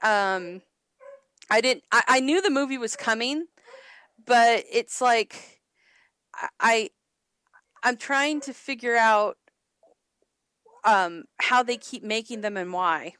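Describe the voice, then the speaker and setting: Brief: a woman co-host, chatty and giggly, pitched a bit high, recorded dry and close. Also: animated, slow pace, long pauses, a bit bright, clear, resonant tone, dry recording. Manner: rambling, laughing often, many restarts. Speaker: podcast co-host. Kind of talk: casual chat.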